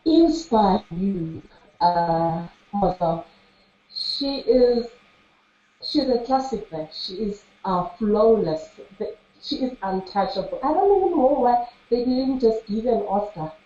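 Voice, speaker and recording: Earnest woman from South Africa, mellow. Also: mid-range voice, animated. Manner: earnest, halting. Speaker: fan giving a video message. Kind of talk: personal testimony. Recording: dull, echoey room recording.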